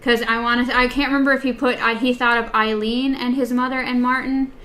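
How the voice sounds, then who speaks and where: A woman's voice: on the high side, little pitch movement, brisk, pushed and bright. A woman co-hosting a book podcast in casual chat, hesitant with many fillers as she compares text versions. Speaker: podcast co-host.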